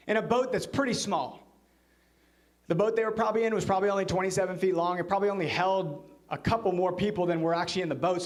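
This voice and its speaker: A male pastor preaches a sermon in church while telling a story, at times dropping into a hushed, low voice for quoted lines.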